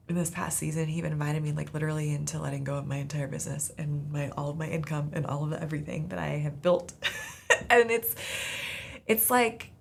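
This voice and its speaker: Low, gravelly-voiced woman sharing her faith. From Southern California. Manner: casual, earnest, many "like" fillers. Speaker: podcast host. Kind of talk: faith testimony talk.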